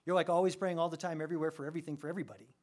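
A man preaching a sermon, animated, with his voice rising sharply when he gets excited. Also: a little high, racing. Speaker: pastor.

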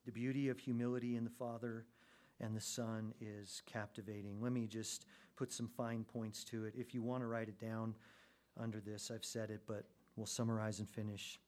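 A man preaching a sermon to his congregation, moving between hushed, slow emphasis and loud, fervent climaxes. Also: fairly low pitch, level tone. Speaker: pastor.

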